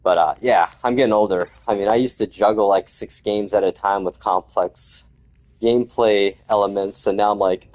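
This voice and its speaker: A middle-aged gaming channel host rambles through his gameplay in a laid-back manner, dropping "man" and "yo" here and there. His voice sits on the lowish side, and he talks at a normal speed.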